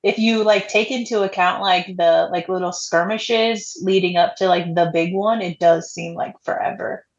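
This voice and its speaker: A woman's voice: on the low side, steady tone, normal speed, hardly any pauses. A woman in casual book chat, chatty and exclaiming. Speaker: book club member. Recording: dull lo-fi sound.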